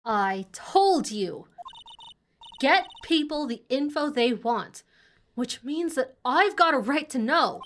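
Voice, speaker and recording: A woman's voice: sits high, lively intonation, slow, fairly bright tone, a little hiss or hum, voice pushed down, heavily acted. A woman voicing a pushy, boisterous female reporter with a put-on Southern US accent. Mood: indignant.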